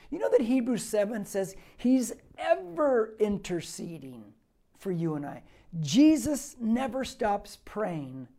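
A man, a pastor, teaching a verse-by-verse Bible sermon in a conversational, emphatic way, slowing down and dropping his voice for key points and often clearing his throat. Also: sits high, mellow. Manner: conversational, emphatic, slows and drops to near whisper for key points.

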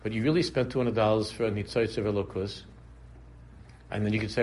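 A man's voice: fairly low pitch, fairly even intonation, quick pace, a little mellow. A man teaching a casual religious class, talking conversationally, repeating phrases and drifting into humorous examples. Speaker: Torah teacher.

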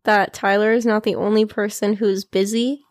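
A woman's voice: medium pitch, level tone, moderate pace, no echo. A young woman co-hosting a podcast in casual chat, dry and teasing, laughing often. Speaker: podcast co-host.

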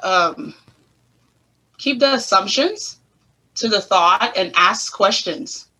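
Husky-voiced woman with a Virgin Islands accent. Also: medium pitch, slow, low-quality recording. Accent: Virgin Islands Caribbean. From St. Thomas, U.S. Virgin Islands. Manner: animated storyteller acting out quoted questions. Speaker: guest. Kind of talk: conversational interview.

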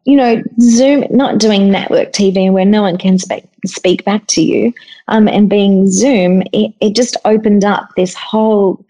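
A woman in casual podcast chat over a video call, telling stories in a chatty, expressive way. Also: mid-range voice, measured pace, poor audio. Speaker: guest cook and author.

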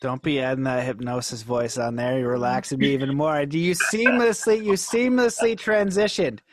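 A man's voice: mid-range voice, moderate pace, background noise. A man hosting a podcast, talking casually with frequent fillers and easy laughs. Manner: casual, laughs often, lots of fillers like "you know" and "like". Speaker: podcast host and hypnotist. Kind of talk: podcast conversation.

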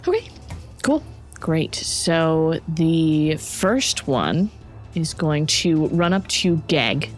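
A game master running a tabletop game, relaxed and amused while narrating. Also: medium pitch, very slow, soft background music.

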